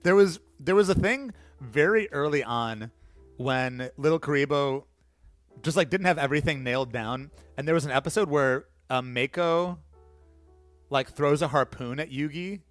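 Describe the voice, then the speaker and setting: A man's voice: on the high side, normal speed, fairly bright tone, no echo, faint music behind. Rambling, chatty male streamer. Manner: rambling, chatty, self-deprecating. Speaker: livestream host. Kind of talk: casual chat while mixing cocktails.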